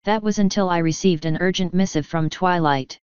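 A grave royal mare from a storybook, speaking in a slow, solemn, pleading way, as a woman reads her lines. The voice sits low and very smooth. The recording is dry and a little dull. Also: darkish tone, no echo, close to an everyday voice.

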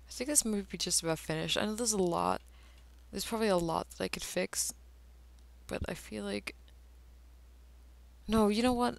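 A drunk woman rambling casually as she draws, her speech slurring, often cursing and trailing off into murmurs. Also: fairly low pitch. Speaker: artist vlogger drawing on camera. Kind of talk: rambling casual commentary while drawing.

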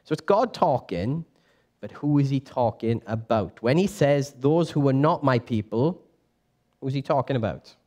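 Young male church teacher, mid-pitched, casual and chatty, quizzes the room. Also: measured pace. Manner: lively, chatty, quizzes the audience, self-correcting.

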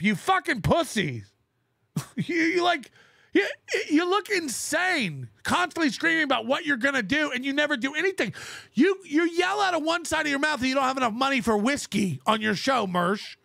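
High, gravelly man ranting on a livestream. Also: sing-song, normal speed, pushed and bright, no echo, studio quality. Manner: mocking, swearing, laughing at his critics. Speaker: livestream show host.

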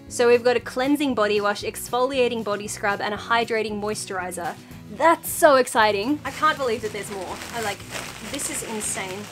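Bubbly female vlogger, high bright voice, excitable, music bed underneath. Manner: gushing, excitable, talks to her pet. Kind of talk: casual unboxing vlog.

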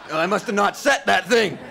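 A man's voice: sits high, gravelly, full character voice. A man improvising a dim, cheerful garbage man who fusses over his hair, narrating his morning in a bumbling, chatty way. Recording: live stage with faint crowd and noise.

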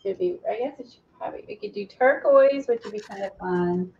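A woman's voice: medium pitch, a little fast, vocal fry, darkish tone, muffled recording, a little hiss or hum. A woman hosting a craft video, chatting casually while she paints, rambling and restarting her thoughts, recorded on a camera mic from below. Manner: rambling, trails off, many restarts. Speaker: craft channel host.

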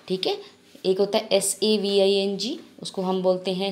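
A woman's voice: mid-range voice, fairly even intonation, racing. A woman teacher giving a patient, explanatory reading lesson to her students. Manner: patient, explanatory, mixes in Hindi. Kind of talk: recorded classroom reading lesson.

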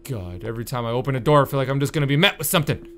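A man's voice: mid-range voice, animated, racing, faint music behind. Jumpy young man playing a horror game. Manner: jumpy, nervous, swears and jokes. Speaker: gaming YouTuber.

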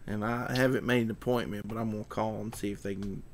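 A man chatting casually and relaxed, teasing and joking. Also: on the low side, fast, slight background noise. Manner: relaxed, teasing, jokes and speaks to his dog. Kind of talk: casual chat. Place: Texas, USA.

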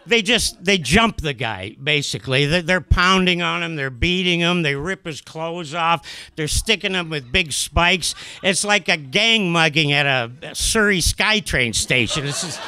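A man spins a comic personal story, his bright voice swinging high and low. He is animated and self-mocking, padding his lines with asides and fillers. The pitch sits high for a man. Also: measured pace, clear, resonant tone.

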